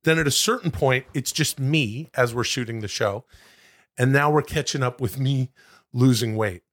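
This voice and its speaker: A man co-hosting a comedy podcast, brainstorming in a casual, excitable way, swearing freely and jumping up in pitch as he riffs. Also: moderate pace. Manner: animated, excitable, jumps high in pitch when riffing. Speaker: podcast co-host.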